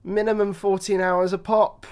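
Bloke co-hosting a podcast, bit high voice, jokey banter. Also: male voice, flat delivery, normal speed, a little mellow, smooth. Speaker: podcast co-host. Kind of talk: casual chat.

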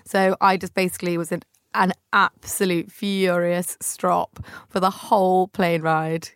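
A woman's voice: on the low side, flat delivery, measured pace, clean tone, no room sound, clean studio sound. A young woman hosting a podcast, telling funny travel stories in a chatty, self-mocking way and putting on family members' voices. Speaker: podcast host. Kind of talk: casual storytelling monologue.

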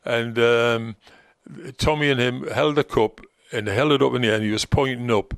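An older man with a Geordie accent and a gravelly, creaky voice, recounting old stories in an unhurried, rambling way full of ums and restarts. His voice sounds close and dry, with no room around it. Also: mid-range voice, fairly even intonation, no echo. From North East England. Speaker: guest, former football manager. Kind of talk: relaxed anecdotal storytelling.

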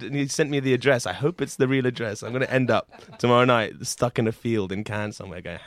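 A man hosts a casual comedy podcast, playful and jokey, now and then jumping into loud silly bits. His voice sits at a middle pitch. The sound is close and dry with no room echo. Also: fast talker, hardly any pauses. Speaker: podcast host. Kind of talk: casual improv comedy chat.

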